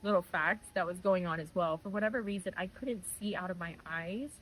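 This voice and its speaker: A woman's voice: fairly low pitch, fairly quick, slight background noise, poor audio. A young woman giving a personal faith testimony in a conversational, earnest way. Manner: earnest, animated retelling with voiced quotes.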